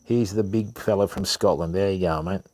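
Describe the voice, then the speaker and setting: A man's voice: deep voice, normal speed, a little mellow. Chatty Australian man hosting a live stream. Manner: chatty, calls everyone mate and bud, lots of ums. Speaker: fishing channel host. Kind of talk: casual live stream chat with viewers.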